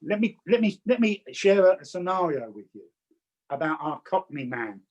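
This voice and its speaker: A man from England talks to a class over a video call in a slightly high voice. He is chatty and direct, and he often stammers and restarts his sentences. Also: very animated, normal speed, darkish tone, dull audio. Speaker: spiritualist medium teaching. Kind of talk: online teaching talk with anecdotes.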